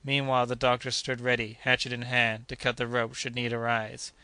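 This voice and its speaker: A man narrating an adventure novel as an audiobook, reading steadily and raising his voice for the characters' shouts. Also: medium pitch, completely flat delivery, a little fast, clean tone, dry recording. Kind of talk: scripted narration.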